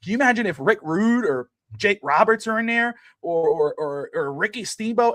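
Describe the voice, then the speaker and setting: Rambling man, brightly pitched, dry sound. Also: lively intonation, normal speed, few pauses, no room sound. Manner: rambling, many "you know" fillers. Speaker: podcast co-host. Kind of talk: casual sports chat.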